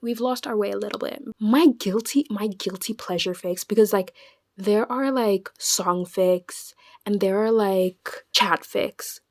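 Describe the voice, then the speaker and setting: Young woman vlogger, mid-pitched, casual chat; theatrical, stammers and restarts, dry close sound. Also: a little slow, no echo. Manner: animated and dramatic, with stammered restarts.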